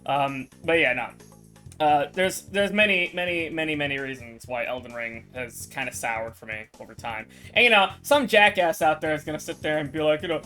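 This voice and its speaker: A woman's voice: deep voice, normal speed, fairly bright tone, faint music behind. A woman streamer in casual chat with her viewers, swearing, rambling and laughing often.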